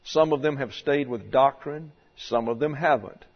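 A pastor preaching a doctrinal sermon in a church, deliberate and stressing key words as he works through numbered points. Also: medium pitch. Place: church sanctuary. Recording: dull sound with long hall reverb.

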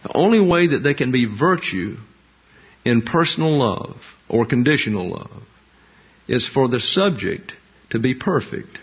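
Husky-voiced man preaching doctrine. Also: mid-range voice, very animated. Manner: measured, emphatic, lists terms one by one. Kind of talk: doctrinal sermon. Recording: dull lo-fi sound.

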